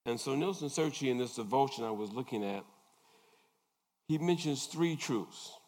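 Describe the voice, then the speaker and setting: A man preaching a sermon, unhurried, pausing often and asking his listeners questions. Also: medium pitch, a little mellow. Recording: long reverb in a large hall.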